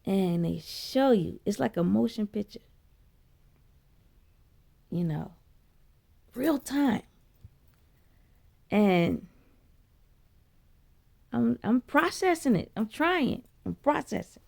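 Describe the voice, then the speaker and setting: A woman telling a spiritual story in a blunt, profane, chatty way, her voice leaping high when she quotes herself. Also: expressive, takes it slowly, creaky, pauses often, a little mellow. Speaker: vlogger. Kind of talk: casual spiritual storytelling monologue.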